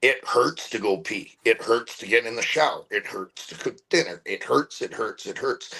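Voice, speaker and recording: A middle-aged man speaking candidly as an interview guest, earnest and heartfelt, often halting and repeating words as he searches for them. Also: medium pitch, bright, forceful tone, husky, low-quality recording.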